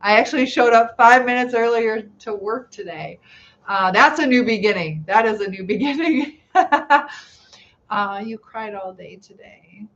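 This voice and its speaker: Middle-aged woman hosting a casual live stream; soft, reassuring and inquisitive; slightly muffled lo-fi recording. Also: fairly high pitch, unhurried. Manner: gentle, reassuring, asks many questions. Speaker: live chat host. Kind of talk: casual live-stream chat reading comments. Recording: slightly dull lo-fi sound, faint room noise.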